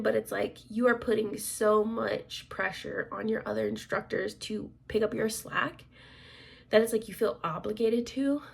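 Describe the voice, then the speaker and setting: A woman in her thirties chatting casually as a vlogger, rambling with lots of fillers, clearing her throat often and dropping to soft asides. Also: on the high side. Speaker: crafts vlogger and military instructor. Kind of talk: casual chat.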